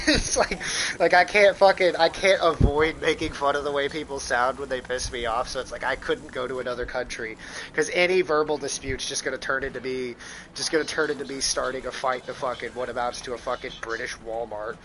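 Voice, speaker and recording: A man's voice: medium pitch, fairly even intonation, fairly quick, a bit bright, slight background noise, rough recording. An American man rambling profanely in casual chat while live-streaming a game, full of restarts. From United States.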